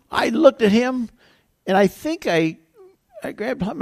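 An older male pastor delivers a sermon in a gravelly voice that swoops up and down with lively pitch. He talks conversationally, circling back and correcting himself as he tells a story. The sound is dry and close. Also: moderate pace, no echo.

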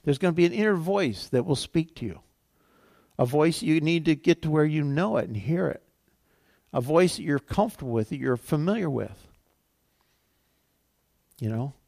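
A man's voice: a little high, animated, normal speed, creaky, pauses often, darkish tone, dry recording, clean studio sound. A male pastor preaching a sermon in a conversational way, acting out the voices he quotes.

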